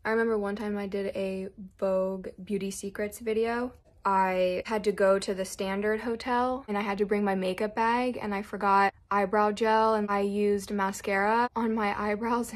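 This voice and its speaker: A young model, in her twenties, chats through a casual makeup vlog at a normal speed, her medium-pitched voice delivered flatly. She rambles nervously and keeps running herself down.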